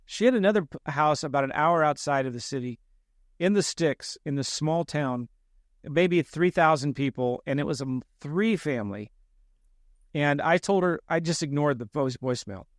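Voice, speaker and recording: Animated, self-mocking man telling a story. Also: a little high, normal speed, no echo, studio quality. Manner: animated, self-deprecating storyteller who acts out quoted lines. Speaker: real estate investor guest. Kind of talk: storytelling in a podcast interview.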